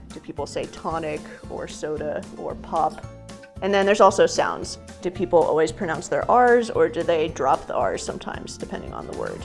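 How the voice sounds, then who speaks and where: A woman expert explaining in an interview how dialects differ. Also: on the low side. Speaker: language expert. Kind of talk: interview answers.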